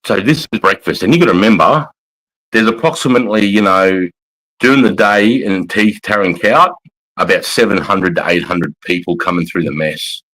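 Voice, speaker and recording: An Australian army veteran telling war stories in a casual livestream, swearing constantly and rambling bluntly. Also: male voice, fairly low pitch, moderate pace, a bit bright, low-quality recording.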